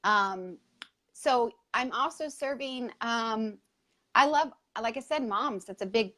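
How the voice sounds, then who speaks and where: Woman guest, slightly high voice, earnest and laughing. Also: slow, pushed and bright. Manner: earnest, laughing, faith-centered. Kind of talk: casual chat.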